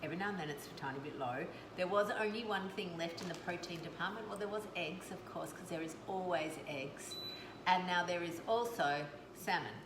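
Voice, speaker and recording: A woman's voice: lowish voice, a little fast. A woman, a doctor hosting a casual live cooking and coaching stream, chatty and effusive, rambling through asides to her viewers. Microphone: webcam or phone camera mic. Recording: echoey room with background noise.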